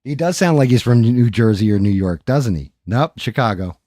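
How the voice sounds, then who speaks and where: A man's voice: medium pitch, expressive, normal speed, mellow, no echo, studio quality. A man hosting a live stream, chatting casually and rambling to viewers with frequent profanity, into a microphone. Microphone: studio microphone.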